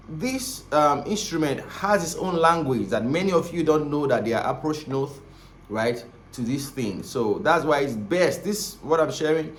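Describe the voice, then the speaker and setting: A male saxophone teacher talks his students through the basics in a loose, rambling way, circling back over his points and tagging sentences with "right?" and "okay?". His voice sits at an ordinary middle pitch. The recording carries a noticeable room echo with a faint hum of ambient noise behind it. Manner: rambling, repeats himself, frequent "right?" and "okay?". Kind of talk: casual spoken lesson.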